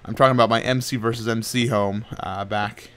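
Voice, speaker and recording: A man's voice: lowish voice, fairly even intonation, brisk, clear, resonant tone. Rambling young man narrating his gameplay. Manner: rambling and playful, often laughing, trailing off quietly. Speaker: gaming channel host. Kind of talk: casual Minecraft commentary.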